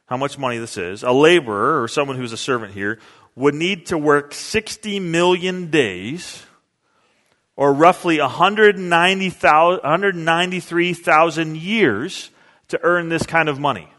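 Male pastor, earnest conversational sermon delivery, slightly high voice, long reverb of a hall. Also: unhurried, fairly bright tone. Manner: earnest, conversational preaching with restarts.

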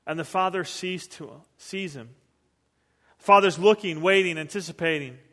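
A man's voice: high voice, moderate pace, fairly bright tone, long reverb tail. A male pastor giving a conversational sermon, acting out the voices of the people he quotes.

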